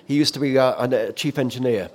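Speaking fairly quickly in a mid-range voice, a former offshore radio presenter shares vivid memories in conversation, with many fillers and restarts.

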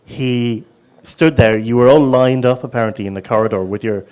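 A man's voice: medium pitch, normal speed, darkish tone, clean tone. A man interviewing a guest in a casual, friendly way, prompting him with questions.

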